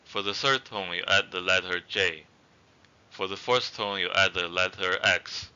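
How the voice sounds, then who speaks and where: A man's voice: low-pitched, measured pace, sharp tone, clean tone, highs cut off. A man giving a casual spoken language lesson, hesitant with many fillers and restarts. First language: not Zhuang. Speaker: language teacher.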